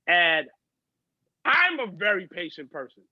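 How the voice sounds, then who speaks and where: A man's voice: sits high, big pitch swings, unhurried, no room sound, dull audio. A man, a guest on a podcast, telling stories in chatty, profane casual conversation. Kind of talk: casual chat.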